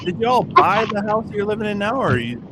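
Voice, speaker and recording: A man's voice: high-pitched, very animated, fast talker, background noise. Teasing, sarcastic male podcast host. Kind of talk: casual chat.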